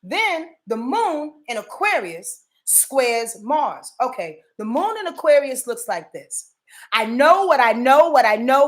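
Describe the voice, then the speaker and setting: Woman astrologer from Yonkers, casual forecast vlog, swears a lot, talks straight to viewers, highish voice, very lively pitch. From Yonkers, New York. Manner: profane, animated, addresses viewers directly.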